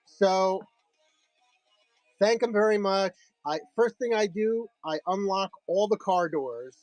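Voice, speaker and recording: A man's voice: high-pitched, slow, a little mellow, no room sound, faint music behind, poor audio. A man hosting a live comic sale, telling a rambling, profane story in a casual way.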